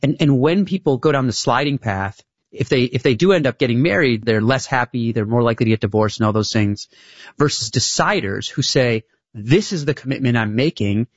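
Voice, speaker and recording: A man's voice: medium pitch, brisk, dry recording. Man explaining ideas on a muffled line. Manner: explanatory, with occasional restarts. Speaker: author guest. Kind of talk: interview conversation. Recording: slightly dull, dry sound.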